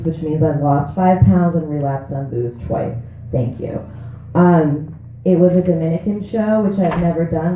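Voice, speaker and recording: A woman's voice: on the low side, a little hiss or hum. A woman in her thirties doing a profane, brash stand-up set at an open mic. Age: 30s. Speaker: stand-up comic. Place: small comedy club stage. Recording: echoey room on a tinny, phone-like recording.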